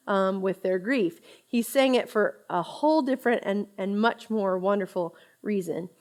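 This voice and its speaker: A woman in her thirties with a fairly high-pitched voice leads a conversational Bible study, chatty and expressive, laughing often as she teaches.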